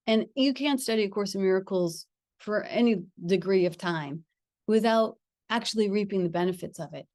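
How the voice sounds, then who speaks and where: A middle-aged woman telling a personal spiritual story. She talks in an earnest, reflective way with gentle pauses and frequent small laughs. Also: medium pitch, dry recording, studio quality. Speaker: spiritual teacher.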